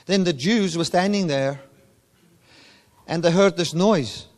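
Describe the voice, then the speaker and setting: A man preaching a sermon, often swinging his voice from loud, high emphasis to low, quiet asides. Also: takes it slowly. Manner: animated preaching, voice rising and dropping sharply for emphasis. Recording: long hall reverb.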